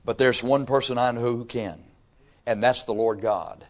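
A man's voice: medium pitch, moderate pace. A man, preaching a sermon in a folksy, conversational way with emphatic rising bursts. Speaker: pastor.

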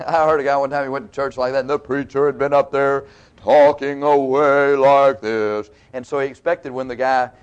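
A man's voice: mid-range voice, little pitch movement, fast talker, hardly any pauses, clean tone, muffled recording. A man preaching a sermon in a folksy, conversational way, teaching verse by verse with asides to the congregation.

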